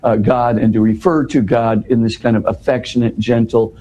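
Man with a warm low-key voice unpacking bible verses, lots of restarts and "you know"s. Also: little pitch movement, normal speed, a little hiss or hum, rough recording. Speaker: guest explaining scripture. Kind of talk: conversational explanation.

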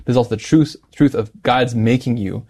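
A man hosting a faith talk show, interviewing a guest and offering brisk, reflective comments. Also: mid-range voice, dark tone, husky. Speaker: host.

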